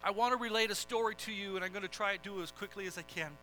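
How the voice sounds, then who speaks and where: A man's voice: sits high, racing, bright, forceful tone, soft background music, rough recording. A man preaching a sermon, earnest and direct, building into dramatic storytelling. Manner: earnest, swelling into dramatic retelling.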